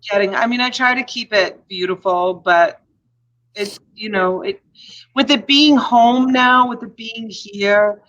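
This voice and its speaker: A woman's voice: medium pitch, unhurried, a bit bright. A woman in her forties with a Boston accent, hosting a casual chat in a rambling, talkative way that breaks into easy laughter. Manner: chatty, rambling, laughs easily. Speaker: host. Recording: dull lo-fi sound.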